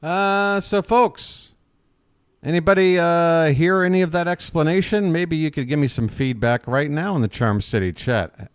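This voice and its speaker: A man's voice: a little high, measured pace, clean tone. A man hosting a live fan play-by-play stream, chatty, often calling his listeners folks, with frequent fillers.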